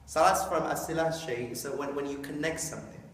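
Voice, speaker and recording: A man explaining Islam gives an informal, joking talk to a live audience, often acting out the voices he quotes. His voice is on the high side, a little fast and a bit bright, picked up by a distant mic in an echoey hall.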